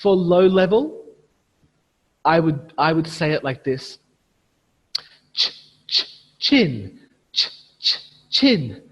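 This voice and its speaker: A man's voice: on the high side, fairly bright tone, breathy edge, long reverb tail. A man running an online teacher training, demonstrating phonics sounds and chanting prompts as he would to young learners.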